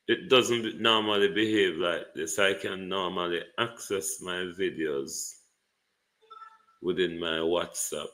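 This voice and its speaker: A man's voice: deep voice, fairly even intonation, slow, a bit bright. A Jamaican man hosting a live online show, muttering and exclaiming to viewers while fighting with his computer. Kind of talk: casual live commentary.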